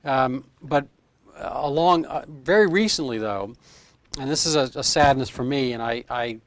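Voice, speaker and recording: A man's voice: mid-range voice, normal speed, dry recording. A man in his fifties, a medical doctor being interviewed in casual chat, rambling through explanations with homespun comparisons. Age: 50s.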